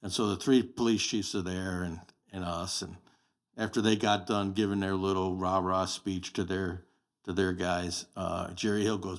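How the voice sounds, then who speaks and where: Older guy in his 60s telling career stories on a podcast, blunt, lowish voice. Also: level tone, moderate pace. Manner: plain-spoken, anecdotal, blunt. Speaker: podcast guest, sheriff candidate. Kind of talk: casual storytelling interview.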